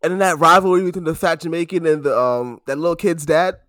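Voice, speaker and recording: Young male co-host, animated storyteller, bright-ish register, dry close sound. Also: fairly high pitch, fast talker, no room sound. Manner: animated storytelling with loud shouted impressions and frequent laughter. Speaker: podcast co-host. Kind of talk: casual chat.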